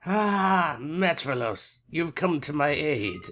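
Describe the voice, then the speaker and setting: A man voicing a defeated, scheming villain who pleads softly. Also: a little high, sing-song, takes it slowly, heavily acted. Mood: pleading. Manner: soft and pleading.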